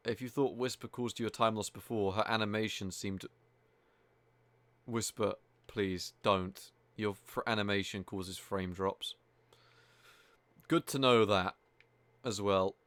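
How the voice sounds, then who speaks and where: A male game streamer with a fairly low voice, talking live over his gameplay in a loose, chatty way. He sounds exasperated and swears freely. The sound is dry and close. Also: slow pace, long pauses, fairly bright tone, no echo.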